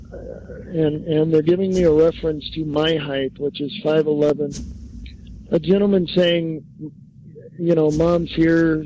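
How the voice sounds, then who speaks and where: A man's voice: fairly high pitch, warm tone, muffled recording, a little hiss or hum. A man acting as a psychic medium on a call-in radio show, hesitant, with many fillers and restarts.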